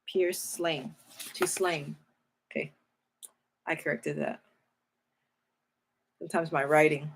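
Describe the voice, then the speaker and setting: A woman teaching scripture informally, reading verses slowly, thinking aloud, correcting herself and speaking with emotional emphasis. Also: mid-range voice. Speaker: Bible teacher.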